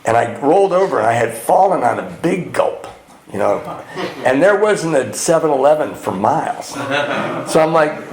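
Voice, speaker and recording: A middle-aged man from California speaking at a retreat, telling his recovery story to an audience with self-mocking humor and sudden jumps into high voices for the comic parts. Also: very animated, moderate pace, crowd noise. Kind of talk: storytelling talk to a live audience. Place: retreat hall. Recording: echoey room.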